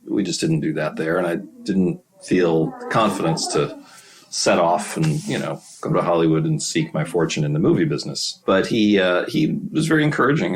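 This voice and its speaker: An American man from Wisconsin, a screenwriter and novelist being interviewed, telling stories in a halting way and laughing often. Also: deep voice, rough recording. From Wisconsin, USA. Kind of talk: casual interview answers.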